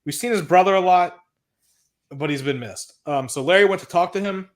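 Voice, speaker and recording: This male wrestling podcaster co-hosts and recaps in casual chat, blunt, profane and exasperated. He speaks a little fast in a high-pitched voice.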